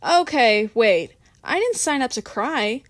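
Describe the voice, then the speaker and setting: Woman reading a soft-hearted, teary friend. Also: a little high, expressive, slow, no echo, voice pushed up. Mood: emotional.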